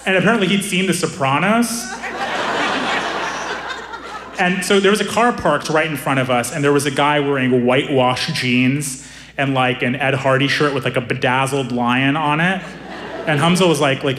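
Animated stand-up comedian man. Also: on the high side, normal speed, a little hiss or hum. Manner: animated, laughing, with many voiced quotes. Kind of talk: stand-up storytelling.

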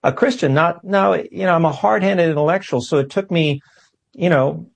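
A man as a talk-show guest, telling a personal story in an animated way and often repeating words as he goes. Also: a little high, moderate pace, creaky. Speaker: guest scientist.

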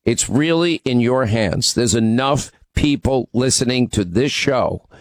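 A man's voice: medium pitch, expressive, a little slow, dry recording. A man hosting a political talk radio show, opinionated and emphatic, taking calls and teasing callers. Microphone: studio microphone.

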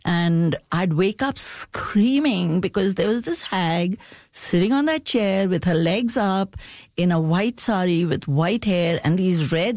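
A middle-aged woman novelist answering interview questions in a thoughtful, unhurried way, often laughing as she talks. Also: medium pitch, darkish tone, no room sound, studio quality.

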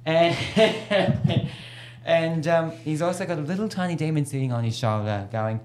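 A man's voice: fairly high pitch, unhurried, darkish tone, slight background noise. A man hosting a radio show, telling jokes in a playful, giggly way. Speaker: radio host. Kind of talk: casual radio chat and joke telling.

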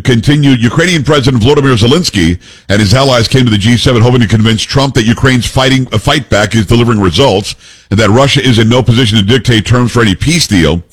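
Male talk radio host with a husky, mid-pitched voice, blunt and opinionated, reads the news and then weighs in.

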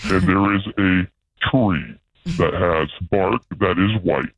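A man's voice: low-pitched, slow pace, full character voice, low-quality recording. A man playing a smug, mysterious male crook who phones into a radio show in a comedic bit, talking in a sly, teasing, boastful way. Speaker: prank caller on a radio show.

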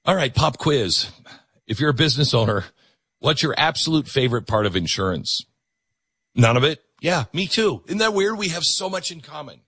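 A radio host reading a sponsor ad in a jokey, conversational way. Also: male voice, fairly high pitch, big pitch swings, normal speed, a bit bright, husky, dry recording, studio quality. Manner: jokey, persuasive. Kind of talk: conversational ad read.

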